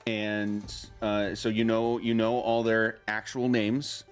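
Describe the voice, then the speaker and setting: Man game master, low voice, laughs a lot, patient explaining, faint music behind. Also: flat delivery, slow, smooth. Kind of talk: casual chat among players.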